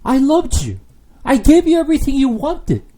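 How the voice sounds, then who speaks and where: A man's voice: extremely high pitch, huge pitch swings, normal speed, warm tone, voice pushed up, heavily acted. A man voicing God as a grieving, pleading figure who asks anguished questions.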